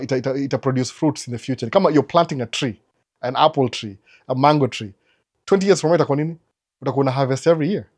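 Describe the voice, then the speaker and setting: A man hosting a live Q&A stream, giving animated, lecturing advice and mixing English with Swahili mid-sentence. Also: mid-range voice. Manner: animated, lecturing, asks rhetorical questions. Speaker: live Q&A host.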